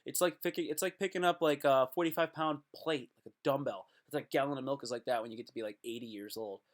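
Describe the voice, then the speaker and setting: A man's voice: mid-range voice, steady tone, fast. A man talking to his viewers in a rambling casual monologue, joking around and cutting himself off. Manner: jokey, self-interrupting, slips into playful put-on voices.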